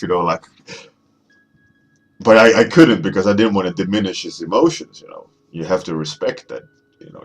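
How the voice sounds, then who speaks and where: A man in his thirties, an artist chatting casually as he works, rambling and halting with many restarts. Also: deep voice. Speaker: artist streaming a warmup session. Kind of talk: casual storytelling while working.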